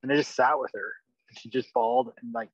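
A man calls in and tells a story casually, swearing often and getting excited. His voice comes through dull and dry call audio. His pitch sits in an ordinary middle range. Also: fast, breathy edge, no echo. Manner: excited, swears freely while telling a story. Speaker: caller on a coaching call. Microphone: online call.

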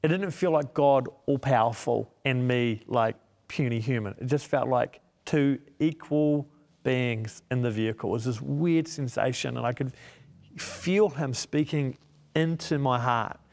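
A man with a gravelly, creaky voice tells a heartfelt personal story as a guest, voicing his own thoughts as he goes. His voice rings with a long hall-like reverb. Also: medium pitch, unhurried, darkish tone. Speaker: guest, media missionary. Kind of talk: personal testimony in a sit-down interview.

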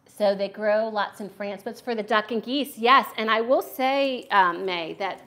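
In her home kitchen, a middle-aged American woman chops while hosting a casual cooking livestream and chatting with viewers. She speaks in a medium pitch, a bit bright, at a moderate pace, chattily responding to comments as she cooks.

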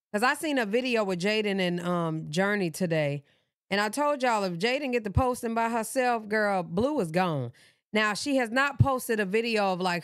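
A woman's voice: mid-range voice, smooth, no echo, studio quality. A woman hosting a reaction stream, chatting casually in an offhand, laid-back way. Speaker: reaction channel host.

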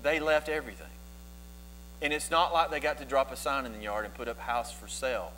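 A pastor preaching a sermon, telling the story with lively, animated asides. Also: male voice, medium pitch, a little fast, slight background noise, low-quality recording. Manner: animated storytelling, voices biblical figures in asides.

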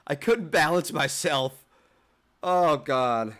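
A man's voice: on the high side, lively intonation, slow pace, fairly bright tone. A young man streaming games in casual chat, swearing at the game and mocking himself.

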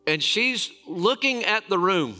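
A man, a lead pastor, preaching a sermon as a storyteller, with dramatic pauses and emphatic repetition. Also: high-pitched, expressive, bright, forceful tone, soft background music.

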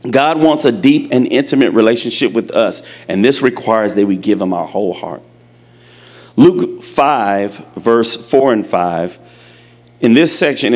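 A man preaching a sermon, emphatic and animated, calling out questions to his congregation. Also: medium pitch. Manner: animated storytelling.

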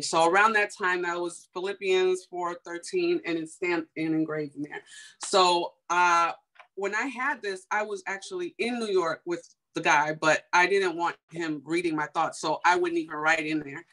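A young woman from Chicago telling a personal story in a casual, animated way, full of fillers and acted-out quotes. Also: fairly low pitch, normal speed. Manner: animated, heavy on fillers, acts out quoted dialogue.

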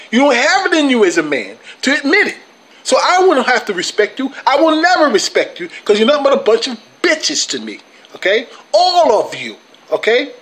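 A man on his own sports vlog, ranting hard with swearing and a combative edge. His pitch leaps up and drops down constantly as he works himself up. He trips over and repeats words when he gets heated. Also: a bit bright, low-quality recording. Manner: heated, profane, confrontational ranting. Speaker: channel host.

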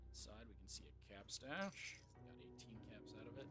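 A man's voice: lowish voice, lively intonation, moderate pace. A man giving casual let's play commentary with musing asides. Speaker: gamer. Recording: game music playing underneath.

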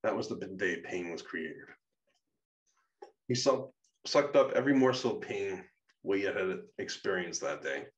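Deep-voiced man reading a memoir. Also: animated, measured pace, pauses often. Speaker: narrator. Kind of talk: reading a personal memoir aloud. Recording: muffled, distant mic.

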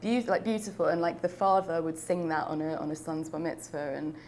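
Low-voiced London woman reminiscing. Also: steady tone, a little fast, darkish tone, a little hiss or hum. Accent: London English. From United Kingdom. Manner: reflective, with many fillers and restarts. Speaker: interviewee. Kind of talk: oral history interview.

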